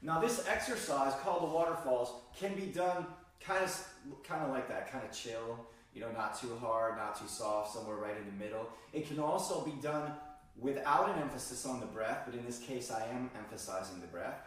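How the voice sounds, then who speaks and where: Male qigong teacher, calm instructional delivery, recorded far off in a roomy space. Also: medium pitch, normal speed. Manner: calm, guiding, demonstrates breathing sounds. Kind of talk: instructional demonstration. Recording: very echoey room, distant mic.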